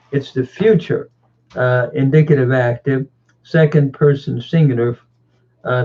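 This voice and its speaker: Slow, tinny-sounding male lecturer. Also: mid-range voice. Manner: deliberate, halting, with many "uh" fillers. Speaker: teacher of biblical languages.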